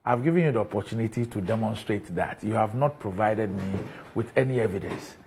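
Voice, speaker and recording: A man's voice: lowish voice, darkish tone, slight background noise. Firm male TV host. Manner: firm, measured, presses for evidence. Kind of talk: live TV interview.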